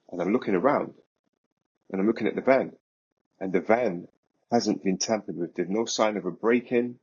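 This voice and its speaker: Deep husky man telling a story. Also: normal speed, long pauses, lo-fi sound. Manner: vivid, animated storytelling with quoted asides. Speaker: podcast guest. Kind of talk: casual storytelling.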